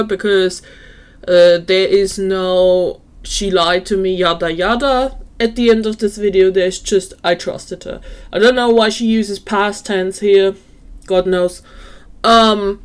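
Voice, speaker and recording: Sarcastic woman reacting to a clip. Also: mid-range voice. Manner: sarcastic, skeptical. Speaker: reaction commentator. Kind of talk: reaction commentary.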